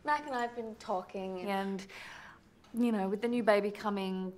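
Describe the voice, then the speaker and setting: An actress playing a young mother who awkwardly tells her boss she is quitting, talking haltingly with fillers and apologies. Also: mid-range voice, steady tone, a little mellow, close to an everyday voice. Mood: apologetic.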